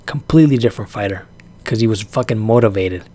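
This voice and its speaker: A man's voice: fairly low pitch, fast talker, warm tone. A man ranting casually about a fight, profane and exasperated, breaking into laughs often. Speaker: vlogger reacting to a fight.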